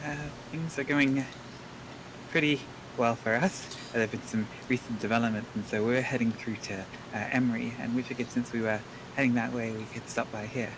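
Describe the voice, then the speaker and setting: A man playing a tabletop game, talking in character in a calm, measured, reassuring way. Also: medium pitch, noisy background. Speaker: player.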